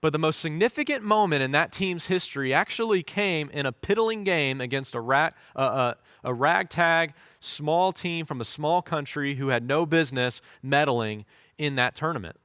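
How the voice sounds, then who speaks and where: Brief: male pastor, story-driven sermon, slightly high voice, dry sound. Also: moderate pace, a bit bright, smooth, dry recording. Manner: storytelling, shifts into voiced quotes.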